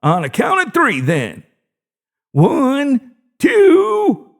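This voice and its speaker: Casting: a very high, childlike old guard with something cruel and inhuman underneath, slow drawn-out lines, dry audio drama. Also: male voice, creaky, heavily acted. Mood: gleeful. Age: older. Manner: childlike excitement, cackling. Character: old male security guard possessed by ancient evil, gleeful and cruel. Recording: dry close-mic narration.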